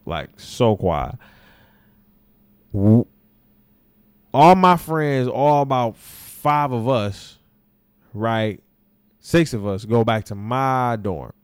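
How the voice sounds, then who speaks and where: Young adult man, podcast host, casual storytelling, swearing, acting out quotes, smooth voice, dry sound. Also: mid-range voice, no room sound. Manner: animated, profane, acts out his own quotes.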